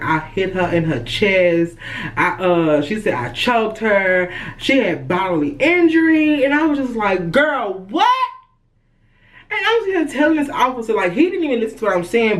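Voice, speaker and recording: A woman vlogger recounting a personal story in a dramatic, profane, animated way, addressing her viewers directly. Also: mid-range voice, low-quality recording. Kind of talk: storytime vlog.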